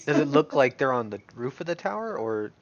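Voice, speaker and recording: A man's voice: mid-range voice, very animated, brisk, highs cut off. A man playing a tabletop game, eager, laughing a lot and stammering while he thinks through his moves. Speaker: player. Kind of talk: casual tabletop play.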